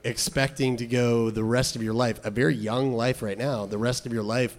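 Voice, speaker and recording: A man's voice: medium pitch, steady tone, normal speed. Rambling man in casual advice chat. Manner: rambling, many fillers and restarts.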